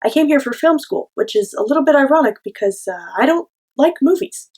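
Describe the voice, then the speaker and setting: A woman's voice: high-pitched, expressive, brisk, a little mellow. A woman in her twenties from Ontario, performing a wry, chatty comic monologue. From Ontario, Canada. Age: 20s. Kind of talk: comic self-taped monologue.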